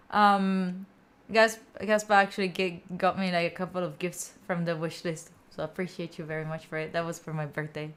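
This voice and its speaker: In casual livestream chat between study sessions, a young Italian host reads viewers' comments and responds in a playful, giggly way. She speaks with an Italian accent in a mid-range, slightly bright voice.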